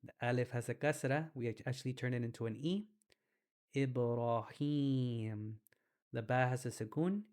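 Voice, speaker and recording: A young adult man giving a casual Arabic lesson, relaxed and slangy, stretching out sounds slowly to demonstrate pronunciation. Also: medium pitch. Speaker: Arabic teacher.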